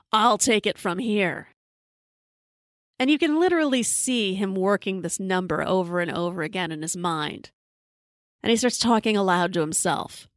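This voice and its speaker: A woman's voice: mid-range voice, no room sound, studio quality. A woman podcast host telling a personal story in a sarcastic, wry way. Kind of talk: storytelling monologue.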